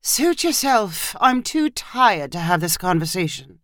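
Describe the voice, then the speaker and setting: A woman's voice: big pitch swings, a little slow, fairly bright tone, no room sound, studio quality. A woman voicing an exasperated British wife and mother who pleads and scolds. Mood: weary. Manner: pleading, then shrill and scolding.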